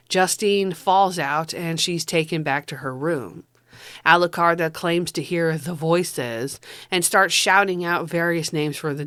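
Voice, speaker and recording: A woman's voice: lowish voice, fairly bright tone, dry recording, clean studio sound. A woman giving a casual spoken movie review, chatty and profane, often tossing in "you know".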